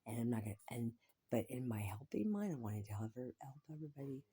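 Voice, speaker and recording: A woman's voice: very deep voice, sing-song, fast, dark tone, slightly rough. A woman talking in a rambling personal monologue, repeating herself, swearing freely and sometimes dropping into a whisper.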